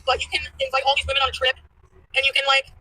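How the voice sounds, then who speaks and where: A woman venting on a livestream, profane and ranting, going from angry outbursts to quieter talk. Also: high-pitched, level tone, very fast, rough recording.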